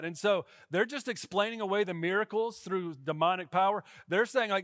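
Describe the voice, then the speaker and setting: A man's voice: high-pitched, fairly quick, hardly any pauses, fairly bright tone, dry recording, studio quality. A male pastor gives a casual, conversational sermon and often checks in with his listeners.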